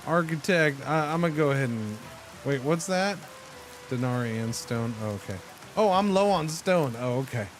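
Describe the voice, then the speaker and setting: A man streaming a game, chatting casually with his viewers in an animated, joking way. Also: a little high, moderate pace, music in the background. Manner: animated, joking, talks to chat. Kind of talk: casual live-stream commentary.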